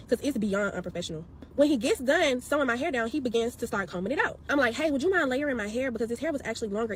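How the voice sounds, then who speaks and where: A woman retelling a bad experience in an animated, slangy, exasperated storytime style, acting out what people said. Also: a little high, a little hiss or hum. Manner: expressive, slangy, exasperated, acts out quotes. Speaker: storyteller vlogger.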